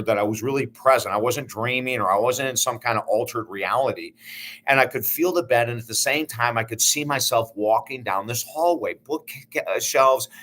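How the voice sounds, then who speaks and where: A man's voice: mid-range voice, a bit bright. A man hosting his own channel, telling a personal story in an earnest, heartfelt way. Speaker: life coach and channel host.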